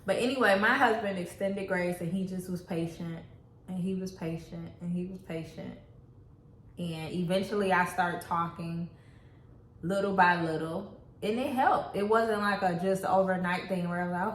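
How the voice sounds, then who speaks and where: A woman speaks candidly and reflectively in a casual relationship chat, her voice sitting a little low for a woman. The room around her is echoey, with a faint hiss underneath. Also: moderate pace. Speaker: co-host.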